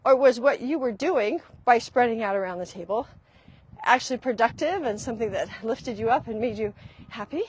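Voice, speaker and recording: A woman's voice: fairly high pitch, fairly quick, slight background noise. A woman hosting a live talk as a relationship skills coach, speaking emphatically and repeating key phrases for weight.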